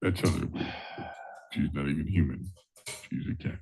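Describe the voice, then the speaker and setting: A man's voice: extremely low pitch, moderate pace, creaky, a little mellow, breathy edge. A man co-hosting a podcast, rambling through absurd jokes in comedic banter. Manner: rambling, absurd non sequiturs. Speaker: podcast co-host.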